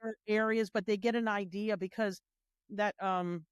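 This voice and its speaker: Woman telling stories on a panel, lively, does little voices for quotes, mid pitch, dry sound. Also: moderate pace, clear, resonant tone, no echo. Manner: animated storyteller, acts out quoted voices. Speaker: guest, heritage tour organizer. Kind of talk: casual panel conversation.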